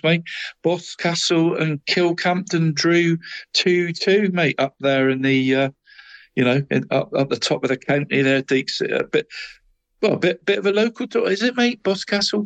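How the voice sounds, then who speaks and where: A man's voice: fairly high pitch, muffled recording. A man co-hosting a football podcast, running through local results in a casual, chatty way, dropping "mate" into nearly every phrase and often restarting his sentences. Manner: stumbles and restarts a lot.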